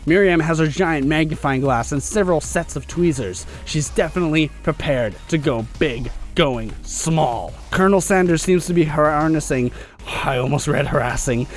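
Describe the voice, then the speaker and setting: A hoarse young man hosting his channel and reading a visual novel game aloud, goofy and prone to stumbling over words. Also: fairly high pitch, normal speed, soft background music. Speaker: gaming channel host.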